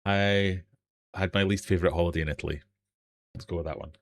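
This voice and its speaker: A man's voice: low voice, fairly even intonation, fast, slight background noise. A man with a British accent hosting a live-stream quiz from his fish room, reading questions and joking with the chat. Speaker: quiz host.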